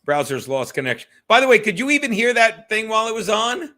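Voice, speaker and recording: A man hosts a casual solo livestream from home through a streaming setup, rambling loosely, swearing plenty, and talking straight to his chat. His voice is high, very animated, and sharp in tone, and he talks fast.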